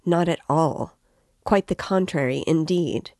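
A composed young woman answers firmly and evenly, as a woman reads her aloud. Her voice is low and the recording dry. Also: a little mellow, dry recording. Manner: firm, measured. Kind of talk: reading a novel aloud.

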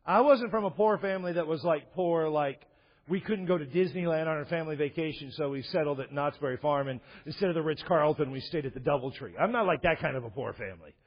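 A man's voice: a little high, quick pace, slightly rough. A man preaching a sermon as a pastor, telling stories in a conversational way with wry asides. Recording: dull echoey hall recording.

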